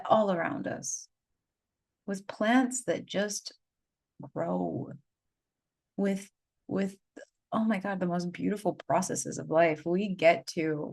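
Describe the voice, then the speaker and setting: A woman's voice: fairly low pitch, takes it slowly, creaky, breathy edge. A woman who works as a spiritual guide, telling an unscripted personal story in an earnest, rambling way, full of "like" and repeated phrases. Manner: earnest, gushing. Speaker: spiritual guide and energy healer.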